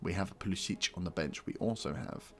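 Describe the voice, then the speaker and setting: A young man casually commentating his own football management game, excitable and talking to the players as the match plays out. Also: low-pitched, fairly quick. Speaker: gaming YouTuber. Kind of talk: casual let's-play commentary.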